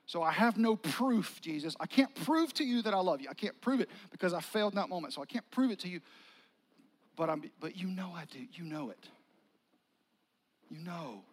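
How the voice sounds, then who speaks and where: A man's voice: high voice, animated, normal speed, slightly rough. A man voicing an ashamed grown man disciple who earnestly pleads and confesses in a broken-up way. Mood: pleading.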